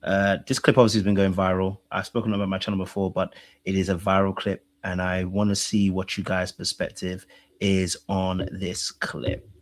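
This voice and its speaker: A man's voice: low voice, flat delivery, moderate pace, slight background noise. A man hosting a podcast, moving the show along to the next section.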